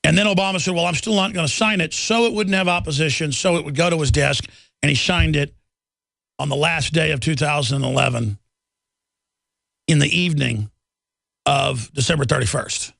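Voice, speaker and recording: A man's voice: on the high side, normal speed, vocal fry, pauses often, a bit bright, no echo, studio quality. A man hosting a political talk radio show, delivering an emphatic, indignant and sarcastic monologue.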